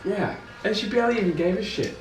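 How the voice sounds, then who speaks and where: A man's voice: high-pitched, expressive, fast talker. A young man co-hosting a review podcast, blunt and profane. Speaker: podcast co-host. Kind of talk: casual review chat. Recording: echoey, distant, faint music.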